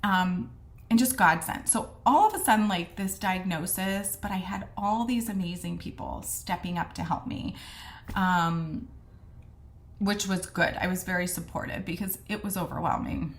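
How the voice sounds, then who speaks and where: A woman's voice: lowish voice, moderate pace. A woman casually telling a personal story to camera, chatty and earnest, acting out the conversations she quotes. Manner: frequent fillers and restarts, earnest. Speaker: vlogger sharing a personal health story.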